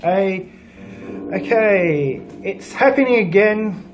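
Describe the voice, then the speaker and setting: A man's voice: high-pitched, lively intonation, slow pace, music in the background. A young man giving let's play commentary on a horror game, swearing a lot and grumbling sarcastically, recorded on a desk mic at home. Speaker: gaming channel host.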